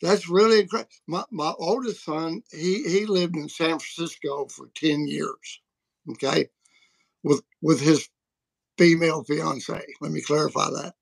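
A man's voice: a little high, fairly even intonation, measured pace, creaky, husky, dry recording, low-quality recording. A middle-aged man with a Southern US accent telling rambling, folksy stories as a livestream guest. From Alabama, USA. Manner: folksy, rambling storyteller with restarts. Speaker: guest apologist. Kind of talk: casual livestream chat.

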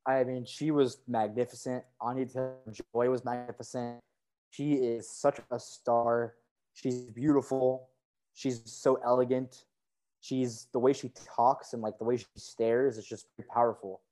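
Man, podcast co-host, upbeat, enthusiastic, casual chat, middle pitch. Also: little pitch movement, a little slow, warm tone.

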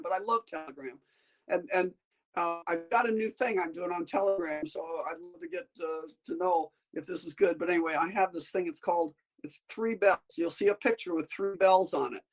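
A woman appears as a guest doctor in a casual interview, chatting in a meandering way that hops from topic to topic. Her voice is on the low side, and the audio quality is poor.

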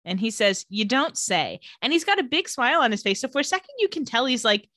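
A woman co-hosting a casual chat, retelling scenes with quick voiced quotes and laughs. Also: high voice, very animated, bright, forceful tone, no room sound, clean studio sound. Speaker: podcast co-host recapping a TV episode.

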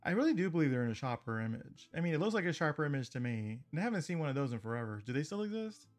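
A man with a slightly raised pitch recaps a cartoon episode in a loose, chatty way, breaking into small laughs between remarks. Soft guitar music plays faintly behind him. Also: big pitch swings, racing. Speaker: podcast host.

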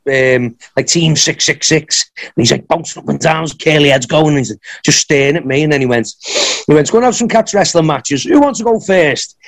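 Man telling animated stories. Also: a little high. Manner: animated anecdotes, acts out others' lines. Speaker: podcast guest, wrestler. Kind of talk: casual storytelling.

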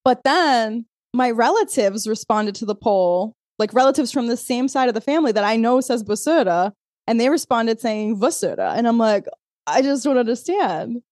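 A woman co-hosting a podcast in casual chat, telling a story with lively asides and acting out quoted exchanges. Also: a little high, normal speed, no echo, studio quality. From Azores. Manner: animated storyteller, laughs often, acts out quoted texts. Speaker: podcast co-host.

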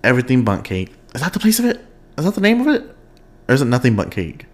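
A young man hosting his own podcast in casual, expressive chat, laughing often and wandering off on tangents. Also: mid-range voice, fast talker. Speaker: podcast host.

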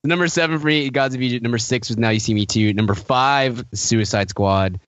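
A man's voice: mid-range voice, a little fast, fairly bright tone, dry recording. Wry, rambling podcast guy, lo-fi. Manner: wry, laughs often, rambling restarts. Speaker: podcast co-host. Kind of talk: casual chat.

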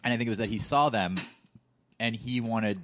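A man talking in a rambling, animated way in casual chat, swearing freely. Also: fairly low pitch, fairly quick, a little hiss or hum.

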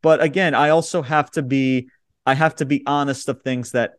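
A man co-hosting a wrestling review podcast, talking bluntly and swearing freely while he recaps the show. His voice sits at an ordinary middle pitch. The recording is dry and close, with no room sound. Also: steady tone, normal speed, clean tone, no echo. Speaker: podcast co-host. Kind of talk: casual wrestling review chat.

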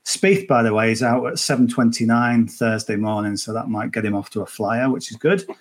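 A man's voice: medium pitch, a little fast. A man chatting casually as a golf betting guest on a podcast, rambling with many restarts and fillers. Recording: remote, at the tournament venue.

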